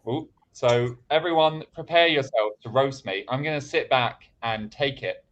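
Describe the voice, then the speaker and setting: A man's voice: medium pitch, moderate pace, fairly bright tone, muffled recording, slight background noise. A man hosting an online improv comedy livestream, chatting casually and reading out viewer donations.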